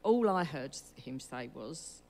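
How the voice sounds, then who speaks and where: A woman with a low voice tells her testimony in a chatty, rambling way, doubling back and correcting herself. Her voice rings with a long echo through a church hall. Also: expressive, slow, a little mellow. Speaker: church member giving testimony. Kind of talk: personal testimony.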